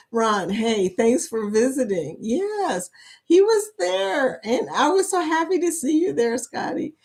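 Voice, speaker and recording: A woman's voice: fairly high pitch, darkish tone. A woman hosting a live stream chat, reading viewer comments aloud, laughing often and speaking. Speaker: livestream chat host.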